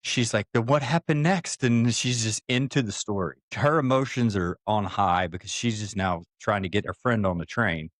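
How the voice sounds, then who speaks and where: A man's voice: lowish voice, moderate pace, few pauses, fairly bright tone, dry recording, studio quality. A man co-hosting a podcast, telling a story in casual chat and acting out the people in it, then taking a firm stance. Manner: acts out quoted voices, takes firm stances. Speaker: podcast co-host.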